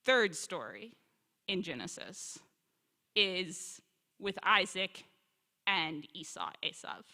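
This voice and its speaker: A woman's voice: on the low side, takes it slowly. A woman teaching a congregation as a visiting scholar, telling the stories with energy, quoting Hebrew and asking the room questions. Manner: animated storyteller, quotes Hebrew and asks the room questions. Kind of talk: lively teaching talk to a congregation. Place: synagogue sanctuary. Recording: long hall reverb.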